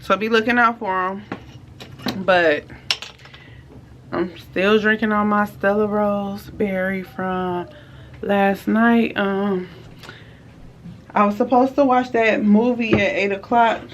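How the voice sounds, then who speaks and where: A woman chats straight into her phone camera, talking to her viewers as y'all about her day. Her pitch sits in an ordinary middle range for a woman, and faint background noise runs under the recording. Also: steady tone, slow pace, pauses often. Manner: chatty, addresses viewers as y'all; switches to soft whispers late at night. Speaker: vlogger. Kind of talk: casual vlog chat. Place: at home and in stores and car.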